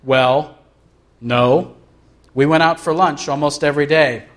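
A pastor reading out a sulky, troubled young husband. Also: male voice, a little high, steady tone, measured pace, lightly acted.

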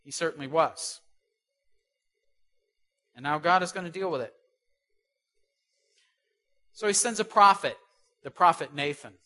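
A man preaching a sermon who asks rhetorical questions and swings between loud stresses and soft asides. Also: on the high side, expressive, measured pace, pauses often.

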